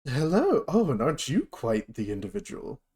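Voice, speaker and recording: A man's voice: on the high side, wildly swooping pitch, normal speed, dark tone, husky, pitched above the performer's own voice, heavily acted. A man voicing a kindly old male dragonborn mentor with a genteel, welcoming manner. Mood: warm welcoming.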